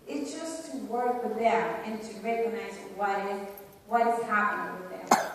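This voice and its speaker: A woman giving a lively church teaching talk, acting out children's voices as she explains. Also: medium pitch, moderate pace. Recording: echoey hall from far off with noise.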